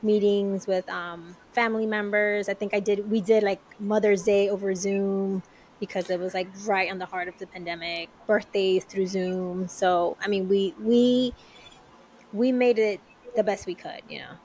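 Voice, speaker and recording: A woman chatting on a podcast at a mid pitch, easygoing and quick to laugh. A faint hiss of noise sits under her voice. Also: fairly even intonation, darkish tone, low-quality recording. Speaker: podcast co-host. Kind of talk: casual conversation.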